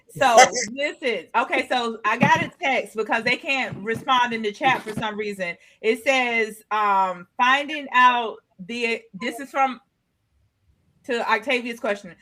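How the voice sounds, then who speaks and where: A woman hosting a casual talk show, lively and quick to laugh. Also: on the high side. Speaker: host.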